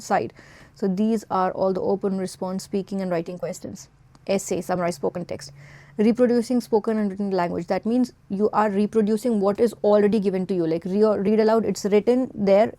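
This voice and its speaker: Mellow-voiced woman tutoring exam prep. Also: mid-range voice. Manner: explains step by step, defines words, lists items in a steady teaching rhythm. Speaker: English test tutor. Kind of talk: explanatory exam-prep lesson.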